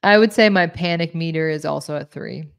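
A woman's voice: low voice, a little fast, gravelly, clean tone. A woman co-hosting a sports talk show, chatting casually and a bit self-deprecating while reading viewer questions.

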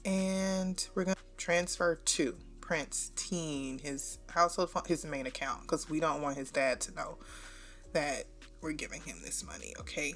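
A woman's voice: sits low, unhurried, fairly bright tone, soft background music. Chatty woman narrating a life-sim game. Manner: chatty, talks straight to viewers. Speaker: gaming channel host. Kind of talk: casual gameplay commentary.

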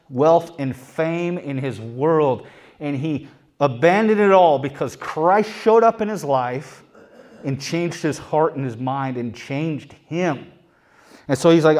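Emphatic man preaching, voice pitched high. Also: unhurried. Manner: emphatic, shifts between soft and loud; conversational, repeats key phrases. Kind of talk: sermon.

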